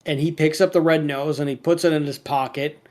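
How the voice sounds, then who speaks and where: A man's voice: a little high, fairly even intonation, a little fast, a little mellow. A man co-hosting a podcast, retelling a cartoon episode in a rambling casual way, full of restarts and fillers, now and then quoting the characters. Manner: quotes characters in a lightly acted voice. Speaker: podcast co-host.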